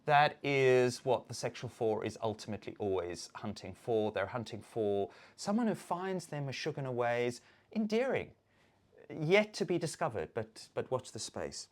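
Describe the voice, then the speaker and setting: Low-voiced woman ranting with lively swings. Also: unhurried. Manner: profane, animated, theatrical ranting. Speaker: video maker. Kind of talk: casual ranting monologue.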